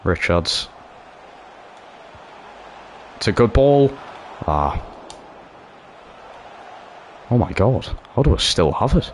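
Brief: deep-voiced man, excitable gameplay commentary. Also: slow, pauses often, a little hiss or hum. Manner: excitable, swings from cheering to groaning. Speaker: gaming YouTuber.

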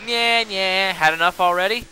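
A man giving casual, chatty commentary while he plays a game, excitable and talking to himself. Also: high-pitched, moderate pace. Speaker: let's play host. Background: game music.

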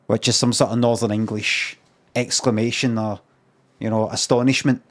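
A man's voice: mid-range voice, fairly even intonation, moderate pace. A Scottish man telling a rambling, sweary anecdote on a live stream. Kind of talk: casual storytelling on a live stream.

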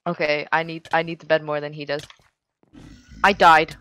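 A young woman chatting casually while gaming, giggly and teasing with excitable exclamations. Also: low-pitched, normal speed, noisy background. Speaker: gamer.

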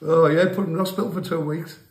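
A man's voice: fairly high pitch, steady tone, fast, reverberant. A man casually telling a crude, rambling pub story, often laughing at his own tale. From England.

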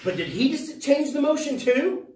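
A man teaching a class in a playful, excitable, jokey way. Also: very high voice, moderate pace, a little hiss or hum. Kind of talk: classroom lesson. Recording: echoey room, mic at a distance.

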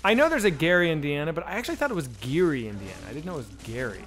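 A man's voice: fairly high pitch, sing-song, rapid-fire, fairly bright tone, faint music behind. A man in his forties streaming a video game, chatting loosely with his viewers and swearing as he plays. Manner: loose and profane, talks to chat while playing. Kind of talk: casual gaming livestream chat.

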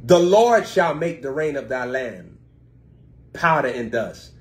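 A man preaching over a live stream, his voice sitting in an ordinary middle register. He reads verses slowly, then breaks into loose, chatty explanation aimed at his online viewers, rising sharply and louder when he presses a point. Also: medium pitch, lively intonation. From United States. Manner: reads scripture slowly, then explains it with sudden loud swings.

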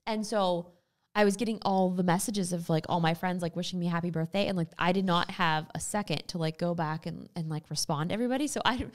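A woman in her thirties co-hosting a podcast, chatting in a rambling, animated way. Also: lowish voice, fast talker. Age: 30s. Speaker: podcast co-host. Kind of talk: casual chat.

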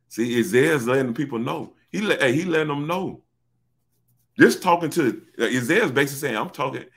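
A man teaching an informal Bible study, excitable, often repeating himself and calling to his listeners. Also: on the low side. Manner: excitable, repeats "look", addresses listeners as baby.

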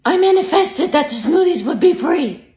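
Woman acting as a very high-pitched, blunt little kid for a comedy sketch, echoey room. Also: lively intonation, normal speed. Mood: bossy. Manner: blurting, loud. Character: cheeky young child, blunt and bossy.

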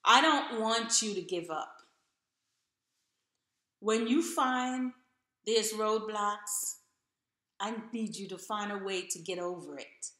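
A woman's voice: medium pitch, slow pace, pauses often, pushed and bright, reverberant. A woman telling her own story to camera in an earnest, encouraging way, repeating phrases for emphasis.

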